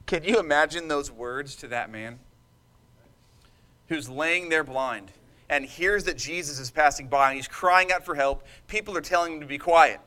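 A man with a noticeably high voice preaches a sermon from the pulpit. His delivery is impassioned and emphatic, and he turns to his congregation for a response. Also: normal speed, bright, forceful tone.

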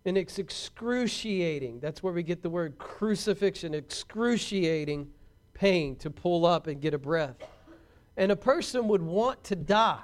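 A man preaching a sermon, animated and emphatic, with touches of humor and repeated words for stress. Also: sits high, normal speed.

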